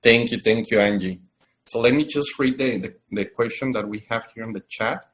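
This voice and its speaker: A man's voice: medium pitch, normal speed, a bit bright, slight background noise. A man hosting a live video-call webinar, talking with effusive enthusiasm and frequent restarts. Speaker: webinar host.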